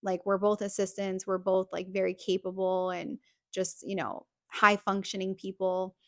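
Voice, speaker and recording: A woman's voice: medium pitch, flat delivery, moderate pace, gravelly, a bit bright, no room sound, studio quality. A young woman hosting a podcast, telling a personal story in a casual, chatty way full of "like" fillers. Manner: chatty, heavy use of "like" fillers. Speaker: podcast host.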